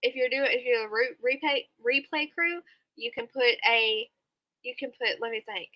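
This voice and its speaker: A woman's voice: fairly high pitch, normal speed, dry recording, lo-fi sound. A woman hosting a casual late-night live stream from home, chatting with viewers, laughing and snorting often. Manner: giggly, chatty, reads and answers viewer comments.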